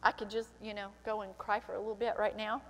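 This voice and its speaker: A woman's voice: mid-range voice, level tone, quick pace, a bit bright, long reverb tail, slight background noise. An older woman pastor preaching a sermon, emotional and tearful, slipping into prayer. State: crying. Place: church sanctuary.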